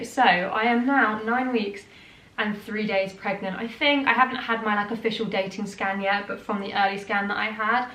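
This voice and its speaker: A woman's voice: medium pitch, fairly bright tone. A young British woman chatting casually in a vlog, a little out of breath, with lots of fillers and restarts. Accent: British English. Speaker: vlogger. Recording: roomy echo, faint noise.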